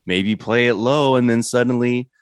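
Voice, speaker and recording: A man guesting on a podcast, talking in a laid-back, halting way with lots of restarts. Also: medium pitch, smooth, no room sound, clean studio sound. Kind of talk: casual chat.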